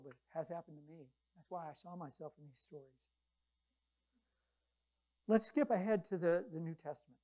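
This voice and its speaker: A woman preaching a conversational sermon, retelling scripture stories with lively quoted voices. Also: lowish voice.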